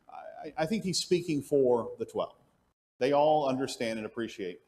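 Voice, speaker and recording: Animated man teaching a Bible class. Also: medium pitch, moderate pace. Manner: animated, asks the class questions and answers them; thinks aloud with frequent restarts. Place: church classroom.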